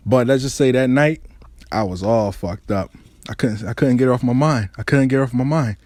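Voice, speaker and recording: Speaking briskly, a man who hosts his own show launches into a personal story full of slang and swearing. His delivery is animated, jumping between high and low registers, and there's no echo on the recording.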